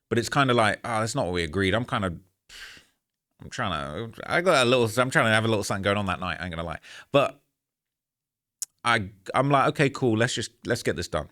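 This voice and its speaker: Frustrated man with a low voice, rambling candidly. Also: bright, forceful tone. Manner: frustrated, earnest. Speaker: YouTuber recounting a story to camera. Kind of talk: casual storytelling monologue.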